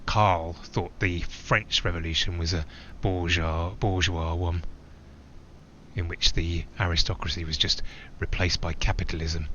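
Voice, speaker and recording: A man's voice: sits low, level tone, unhurried, pushed and bright, lo-fi sound, a little hiss or hum. An actor playing a man flying alone, who talks in a reflective, digressive way with small hesitations. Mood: musing. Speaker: narrator-pilot. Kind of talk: theatrical monologue.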